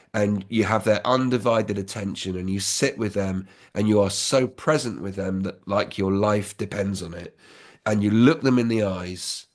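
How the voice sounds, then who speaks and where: A man in his fifties who founded a business school offers candid, reflective advice in a relaxed, conversational manner. His voice sits somewhat low.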